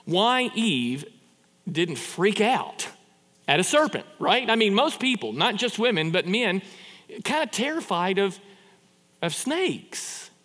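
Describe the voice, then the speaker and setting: Brief: male pastor, sermon, lively up-and-down delivery, reverberant hall. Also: high voice, takes it slowly. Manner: animated, conversational preaching with rhetorical questions and repeated restarts.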